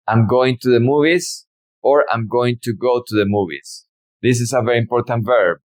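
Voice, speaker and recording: A man with a Latin American Spanish accent, teaching a Spanish lesson and repeating words slowly and clearly for learners. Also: medium pitch. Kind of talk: slow, deliberate language lesson.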